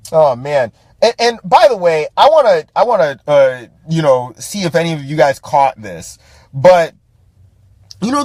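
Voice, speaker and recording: A man's voice: fairly high pitch, no echo. A man hosting a podcast, ranting about a movie in profane, casual commentary, laughing often and restarting his sentences. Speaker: podcast host.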